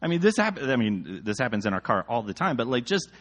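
A man's voice: mid-range voice, sing-song, fast talker, a bit bright. A man in his thirties reading scripture aloud and breaking off into jokey, exasperated asides about it. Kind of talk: casual scripture reading and commentary.

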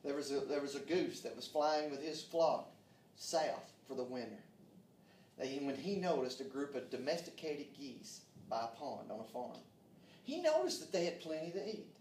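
A man preaching a sermon, fervent, calling out amen and dropping to hushed tones. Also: fairly high pitch, animated, normal speed, slight background noise. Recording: echoey room, mic far off.

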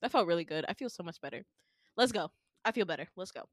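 A woman voicing a tough, threatening young man, low and quiet. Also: expressive, fast, dry recording, clean studio sound. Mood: relieved.

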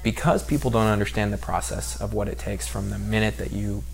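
A man's voice: on the low side, steady tone, fairly quick, vocal fry. A man from San Diego in casual podcast conversation, talking in long rambling runs full of fillers and restarts. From San Diego, California.

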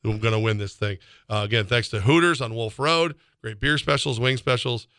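A man co-hosting a sports radio show, telling rambling stories and reading ads with excitable energy. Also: medium pitch, fairly quick, no room sound, clean studio sound. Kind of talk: sports talk and live-read ad.

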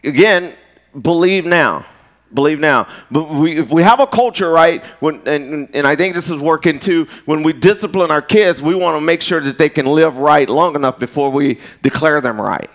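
A pastor preaching a sermon in a loose, conversational way, with folksy asides. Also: male voice, fairly high pitch, moderate pace, fairly bright tone.

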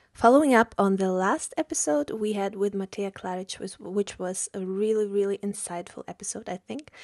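A woman's voice: mid-range voice, darkish tone, no room sound, studio quality. Slightly breathless woman podcast host. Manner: earnest, chatty, with many fillers. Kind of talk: casual podcast monologue.

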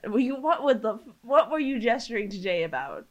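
A woman from New Jersey who talks fast and with energy, co-hosting a chatty podcast. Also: on the high side, big pitch swings. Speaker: podcast co-host. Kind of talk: casual chat.

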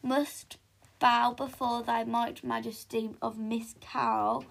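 A woman doing a loud, bossy bragging posh mother. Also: a little high, level tone, slow, vocal fry, full character voice. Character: boastful posh mother pushing her daughter.

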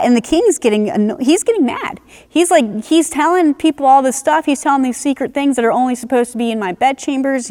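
A high-pitched woman delivers a sermon with earnest, chatty warmth, dropping in frequent asides as she explains scripture. Her voice carries a long reverb, as if she is speaking in a large hall. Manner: conversational, earnest, many "you know"s. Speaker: preacher.

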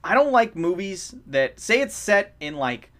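Animated young man ranting about movies. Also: high voice, a little slow. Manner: ranting, animated, laughs often. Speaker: podcast co-host. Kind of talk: casual movie-review chat.

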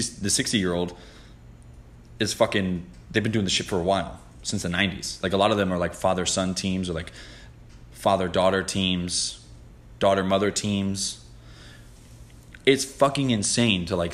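A man hosting a podcast in casual chat, talking in a profane, rambling, excitable way. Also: deep voice. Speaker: podcast host.

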